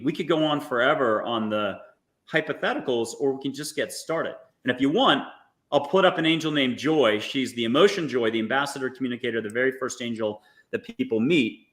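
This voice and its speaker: Male guest, animated coaxing guide, playful jokes, mid-range voice. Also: medium pitch. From United States. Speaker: guest, angel intuitive. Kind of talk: guided visualization talk.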